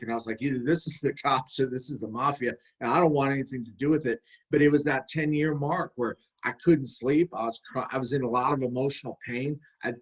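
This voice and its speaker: Guy sharing his recovery story on a video call, candid and rambly, dull lo-fi sound. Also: mid-range voice. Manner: candid, conversational, rambling with restarts. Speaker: workshop speaker. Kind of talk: personal recovery talk.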